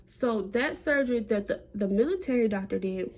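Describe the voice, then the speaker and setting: A young woman telling a personal story to camera in a chatty, animated way. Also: moderate pace. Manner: animated, chatty, acts out quotes with big jumps in pitch. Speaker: vlogger.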